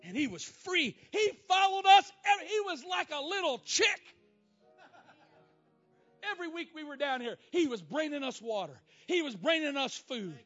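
A preacher with a very high, bright, forceful voice tells his story dramatically, swinging from shouts to near-whispers. The sound is a bit dull and lo-fi, with faint music underneath. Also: big pitch swings, normal speed. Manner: dramatic, shifting from loud exclamations to hushed, emotional lines. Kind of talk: storytelling sermon.

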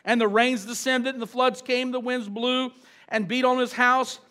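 A man's voice: very high voice, fairly even intonation, a little slow, bright, forceful tone. A pastor preaching a sermon. He often asks the congregation questions and builds emphasis through repetition.

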